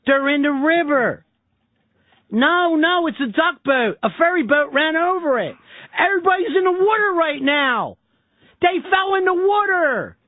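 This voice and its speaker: A radio host playing an exasperated Philadelphia man who keeps yelling that everyone is in the water. The voice sits high and nasal with a thick Philadelphia accent, and it comes through as dry, tinny, phone-like audio. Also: lively intonation, a little slow, no room sound.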